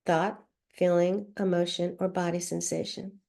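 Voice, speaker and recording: A woman's voice: fairly low pitch, measured pace, gravelly. A middle-aged woman coaching tapping, explaining the steps and acting out her feelings as she demonstrates. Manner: expressive, acts out emotions while teaching. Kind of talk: instructional demonstration.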